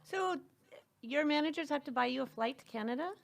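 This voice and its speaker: A woman co-hosting a podcast, chiming in with quick questions and reactions in casual chat. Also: sits high, expressive, vocal fry. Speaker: podcast co-host.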